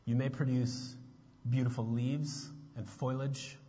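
A man preaching a sermon as a pastor, moving between relaxed chat and pointed, emphatic questions. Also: mid-range voice, measured pace, husky. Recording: muffled sound with long reverb.

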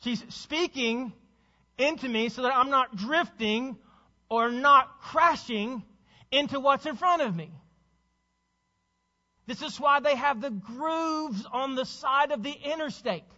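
A man's voice: extremely high pitch, slow, sharp tone, big-room sound, muffled recording. A man preaching a sermon as pastor, urging his congregation with repeated rhetorical questions.

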